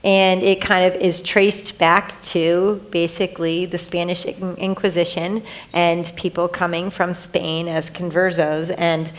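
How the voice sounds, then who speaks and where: A woman's voice: fairly low pitch, level tone, measured pace. A woman on a panel explaining a medical topic step by step, checking in with "right?" and filler words as she goes. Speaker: panelist on hereditary cancer risk.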